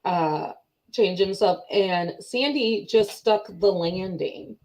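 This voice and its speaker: A chatty woman co-hosting a casual podcast, reflective and storytelling. Her pitch sits in an ordinary middle range. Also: slow pace, darkish tone, low-quality recording. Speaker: podcast co-host. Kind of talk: casual chat.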